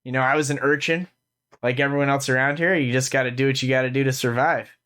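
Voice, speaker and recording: A hard-bitten young woman from a street gang, voiced by a man, speaking in a blunt, unimpressed way. She talks at an ordinary middle pitch. She is an in-character role in a tabletop game. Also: steady tone, quick pace, fairly bright tone, clear, resonant tone, natural voice. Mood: gruff.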